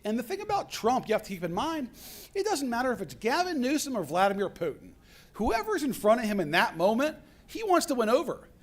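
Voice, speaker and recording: Animated high-voiced male speaker. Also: a little fast. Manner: animated, acts out quoted dialogue. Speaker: keynote speaker. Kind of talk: storytelling speech. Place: conference hall.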